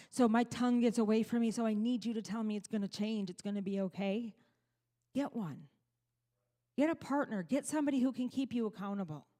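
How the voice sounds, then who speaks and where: Middle-aged woman pastor, fairly high voice, earnest preaching, long church-hall reverb. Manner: earnest, quotes people in lively put-on voices. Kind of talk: sermon. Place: church sanctuary.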